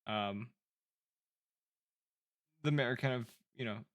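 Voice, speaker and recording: A man's voice: mid-range voice, slow pace, a bit bright. A man narrating as game master in a live tabletop game, describing scenes loosely with many ums and kindas.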